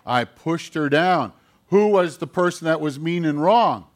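Playful pastor man, slow, questioning. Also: on the high side, lively intonation. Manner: playful, asks children questions. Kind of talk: children's sermon.

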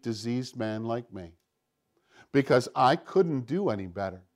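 A man preaching a sermon, swinging from hushed, intimate passages to loud, impassioned ones. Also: medium pitch. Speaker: pastor.

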